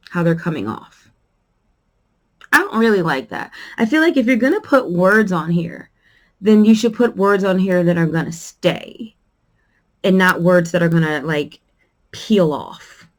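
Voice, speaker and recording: A woman hosting a quilting channel who gives a casual product review vlog, rambling and chatty with many pauses and fillers, and shows items to the camera as she talks. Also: on the low side, animated.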